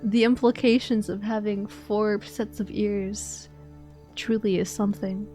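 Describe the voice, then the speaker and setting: Slow, playful woman streamer. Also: medium pitch, fairly even intonation, mellow, faint music behind. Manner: playful, rambling, giggly. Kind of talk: casual gameplay chat.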